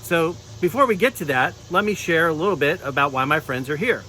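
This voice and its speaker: A man tells a children's sermon in a gentle storytelling voice, his pitch lively and fairly high. Faint crickets and insects hum behind him. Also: a little fast, poor audio. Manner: gentle, storytelling, puppet play. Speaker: clergy giving children's sermon.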